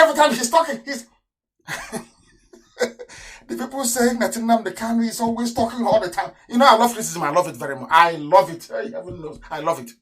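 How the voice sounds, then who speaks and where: A Nigerian-accented man holds forth on live radio in a fairly high voice. He is openly contemptuous and fires rhetorical questions at his audience. His volume lurches from near-shouting to muttered asides. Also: poor audio. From southeastern Nigeria. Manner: scornful, hammering rhetorical questions; swings between loud outbursts and low mutters. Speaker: radio broadcaster and activist. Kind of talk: impassioned live radio address.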